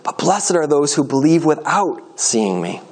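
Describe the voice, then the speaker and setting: An earnest, gentle Jesus, a calm teacher, as a man voices him in a scripture reading. The delivery lifts into emphatic, raised lines, and the pitch sits somewhat high for a man. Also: measured pace.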